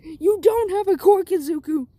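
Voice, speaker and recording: A woman's voice: very high-pitched, moderate pace, dark tone, no room sound, pitched above the performer's own voice. A woman voicing a worried, tearful father who pleads emotionally.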